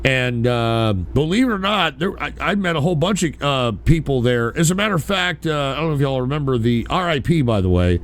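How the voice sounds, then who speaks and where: A man's voice: mid-range voice, animated, brisk, hardly any pauses. A man chatting casually as a streamer, rambling, swearing freely and talking loosely about his past. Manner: rambling, profane, loose and conversational. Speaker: streamer reacting to a clip. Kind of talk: casual chat.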